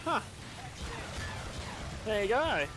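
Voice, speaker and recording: Australian man, casual gamer chat, stammering delivery over loud game music. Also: sits high, sing-song, extremely slow. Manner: stammering, repeats words, laughs often. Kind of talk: casual chat while gaming.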